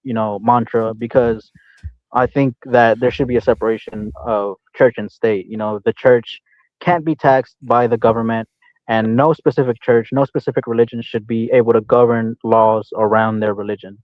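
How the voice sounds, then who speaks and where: A man debating casually, speaking haltingly with many fillers and restarts. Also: medium pitch, fairly even intonation, no room sound, narrow, tinny audio.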